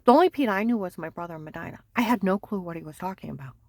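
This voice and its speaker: A woman telling a long personal story in a rambling monologue, agitated and insistent, repeating herself and sometimes dropping to a hushed near-whisper. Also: lowish voice, lively intonation, racing, vocal fry, no room sound. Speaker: vlogger.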